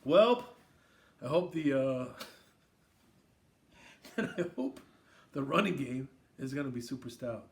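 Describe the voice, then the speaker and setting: A man's voice: mid-range voice, unhurried, creaky, pauses often. Jokey man toasting on a podcast. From Queens, New York. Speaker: podcast host. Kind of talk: casual sports chat.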